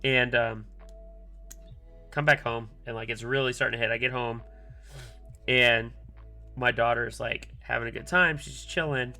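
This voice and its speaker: A man in his thirties rambles through a casual story on a live stream, stopping now and then to mutter about the work in his hands. His voice has a gravelly texture. Soft music plays quietly in the background. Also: medium pitch, fairly even intonation, measured pace, long pauses. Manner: rambling, filler-heavy, mutters asides to himself while soldering. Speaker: streamer building a keyboard. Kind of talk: casual storytelling while working.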